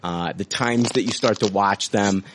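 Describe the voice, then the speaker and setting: A man's voice: lowish voice, moderate pace, fairly bright tone, a little hiss or hum. A man hosting a podcast, rambling casually with lots of swearing and laughing at his own jokes. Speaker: podcast host. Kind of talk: casual profane banter.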